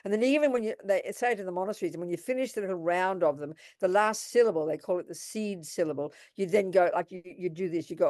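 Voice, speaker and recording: A woman's voice: fairly low pitch, fast, hardly any pauses, no room sound, clean studio sound. An older woman teaching Buddhist practice on a video call, direct and emphatic, calling listeners sweetheart and darling. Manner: warm, direct, calls people sweetheart and darling.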